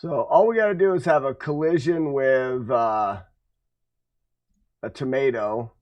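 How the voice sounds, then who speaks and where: A man casually thinking aloud while working on his game, halting, self-correcting, and musing. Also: mid-range voice, dull audio. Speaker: game developer streaming his work.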